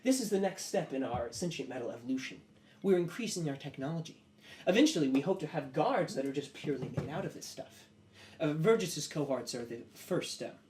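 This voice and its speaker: A man's voice: on the high side, animated, a little fast, a little mellow, a little hiss or hum, close to an everyday voice. A man doing a suave scheming nobleman. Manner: suave, hesitant, formal. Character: smooth scheming male noble, ambitious.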